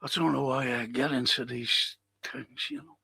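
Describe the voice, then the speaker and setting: A man's voice: mid-range voice, normal speed, vocal fry, pushed and bright, slightly rough, dry recording. An older man who hosts a casual livestream, chatting and greeting viewers as he reacts to their comments. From Liverpool, England. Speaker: livestream host and historian.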